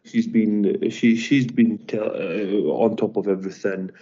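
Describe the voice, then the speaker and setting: Property owner guy objecting, dark low voice, kinda halting, lo-fi sound. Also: steady tone. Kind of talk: formal meeting remarks. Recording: dull lo-fi audio.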